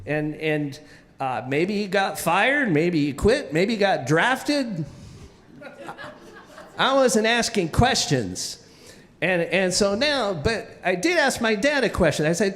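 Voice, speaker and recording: A man telling a childhood story live on stage, animated and often restarting with repeated words. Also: sits high, a little slow, big-room sound.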